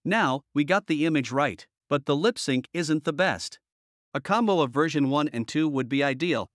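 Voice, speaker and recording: A machine-generated male voice speaking as an AI avatar presenter in a smooth, even, machine-like way. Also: fairly high pitch, normal speed, dry recording, clean studio sound. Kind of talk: synthetic presenter narration.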